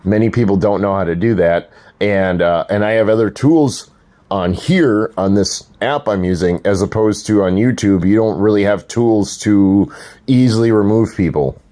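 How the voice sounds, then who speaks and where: A man's voice: fairly low pitch, moderate pace, mellow. An older man ranting crudely and mockingly to his livestream viewers, laughing at his own jokes. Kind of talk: casual livestream rant.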